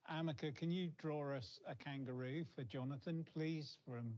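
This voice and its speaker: A man who founded a robotics company, giving a tour with halting, repeated words. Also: a little high, darkish tone. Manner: hesitant, repeats words, chuckles. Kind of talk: guided tour interview. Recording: dull lo-fi broadcast audio.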